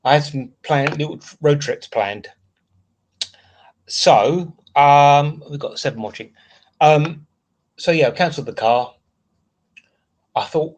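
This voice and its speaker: A livestream host runs a casual stream, ranting in a frustrated, meandering way and reading chat comments aloud along the way. His voice is on the high side, and he goes slowly with frequent pauses.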